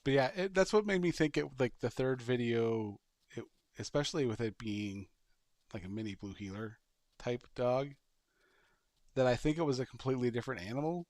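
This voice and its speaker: A man's voice: medium pitch, moderate pace, darkish tone, no room sound. Man telling a rambling story on a dry mic. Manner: rambling storyteller with vocal sound effects. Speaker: podcast co-host. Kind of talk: casual chat.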